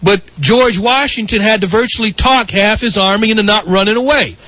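A man's voice: high voice, brisk, bright, forceful tone, dry recording. A middle-aged man hosting talk radio, ranting in a combative, rambling way, full of "you know" and "okay", with a dull broadcast sound. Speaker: fill-in radio talk show host. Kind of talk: opinionated talk radio monologue.

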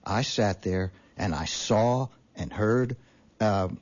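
A man's voice: lowish voice, takes it slowly, darkish tone. Radio guest, male, indignant rambler, lo-fi dull broadcast sound. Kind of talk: animated call-in radio talk.

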